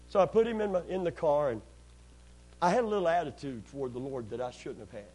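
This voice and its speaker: A man's voice: on the high side, expressive, brisk, a little mellow, poor audio. A man preaching a sermon, telling a personal story earnestly, repeating phrases and calling out amen.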